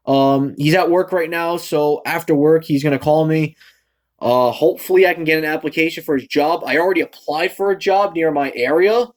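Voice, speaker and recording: A man's voice: a little high, moderate pace. Rambling young man from Massachusetts. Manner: rambling, many fillers and restarts; animated, acts out quoted lines. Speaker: vlogger. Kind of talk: casual storytelling rant.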